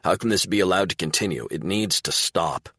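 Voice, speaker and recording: A man's voice: deep voice, lively intonation, a little fast, bright, forceful tone, dry recording, studio quality, exaggerated voice. A man playing a blunt, profane middle-aged former federal agent in an audiobook.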